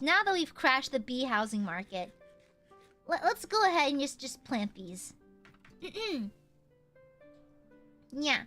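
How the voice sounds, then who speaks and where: A woman's voice: high-pitched, pushed and bright. A woman streaming a game live, chatting casually and playfully, with melodramatic outbursts and free swearing. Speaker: VTuber streamer. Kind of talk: casual live gameplay chat.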